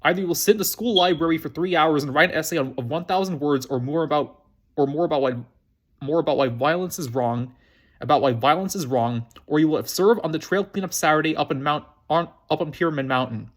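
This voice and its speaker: Stern woman principal for a read-aloud, voiced by a man; slow, measured, a touch high. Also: close to an everyday voice.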